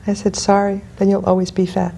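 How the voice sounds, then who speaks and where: A woman's voice: medium pitch, completely flat delivery, a little fast, vocal fry, mellow, breathy edge. A woman guest hypnotist in an interview, telling client stories bluntly and emphatically. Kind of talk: interview storytelling.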